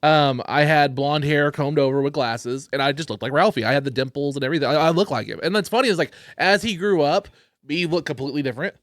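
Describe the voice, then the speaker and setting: A man's voice: on the high side, fast, fairly bright tone, no room sound, studio quality. A man hosting a casual comedy podcast, joking and swearing freely as he chats and rants. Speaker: podcast host.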